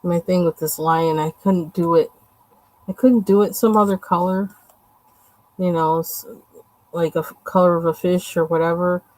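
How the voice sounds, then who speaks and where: Woman rambling while she colors on stream, lowish voice, dry close sound. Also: steady tone, moderate pace, long pauses, a little mellow, no echo, rough recording. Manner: rambling, chatty, lots of fillers. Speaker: livestream host. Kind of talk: casual chat while coloring.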